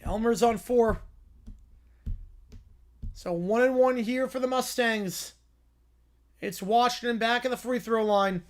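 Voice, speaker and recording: A man with a worn, strained voice that keeps cracking, calling a basketball game live on a stream. He races through the action in a raised, excited rush. Between plays he answers viewers in quieter, lower asides. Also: slow, long pauses. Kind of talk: live play-by-play reaction commentary.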